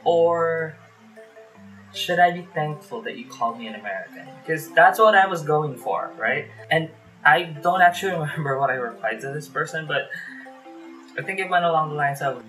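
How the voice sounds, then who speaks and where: A man's voice: on the high side, lively intonation, normal speed, pushed and bright, faint music behind, poor audio. A man from the Philippines vlogs about his call center days from his small bedroom, a fan humming nearby. He talks in a loose, chatty way, full of fillers, and acts out his phone calls as he goes. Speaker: vlogger. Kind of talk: casual storytelling vlog.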